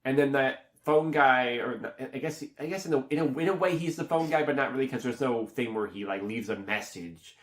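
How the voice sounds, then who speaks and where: A man giving a casual, rambling spoken movie review, full of fillers and restarts, who jumps up in pitch when acting out reactions. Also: fairly quick, few pauses.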